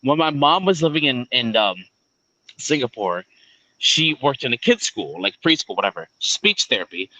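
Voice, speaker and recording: Man, casual stream chat, lively pitch, bright tone, profane storyteller. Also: normal speed, dry recording, poor audio.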